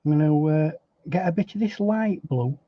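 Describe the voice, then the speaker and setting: A man demonstrating painting step by step in a relaxed, chatty way, thinking aloud as he works. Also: a little high, moderate pace, no room sound. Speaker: painting instructor. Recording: dry, slightly dull recording.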